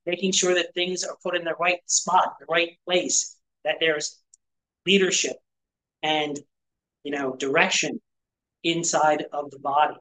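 A man's voice: fairly high pitch, little pitch movement, a little slow, fairly bright tone, rough recording. A male pastor giving a conversational sermon to a small church group, full of rhetorical questions and asides. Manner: rhetorical questions, frequent "right?" and "you know". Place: church gathering.

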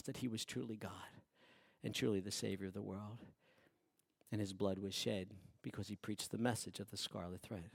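A man preaching a sermon who swings from hushed, quiet passages to loud, emphatic ones. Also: fairly low pitch, fairly even intonation, moderate pace, creaky, no echo, clean studio sound. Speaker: pastor.

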